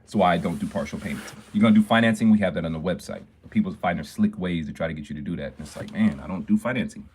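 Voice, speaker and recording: Deep, dark and husky, the jeweler's voice races along with few pauses as he livestreams from his shop on his phone. His upbeat, talkative chat is punctuated by frequent greetings to viewers.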